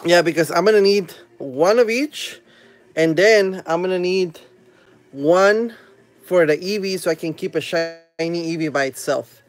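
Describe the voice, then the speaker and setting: A man hosting a live stream, opening trading card packs with excited casual commentary, humming while he opens them and chatting with viewers. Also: high voice, unhurried, soft background music. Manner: chats with viewers and reads their comments aloud.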